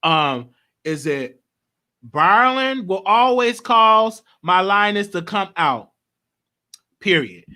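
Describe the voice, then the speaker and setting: Young guy in his late 20s doing gossip talk, high and bright voice, all over the place and emotional. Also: slow, pauses often. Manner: emotional, rambling, animated. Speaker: show host. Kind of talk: casual gossip commentary.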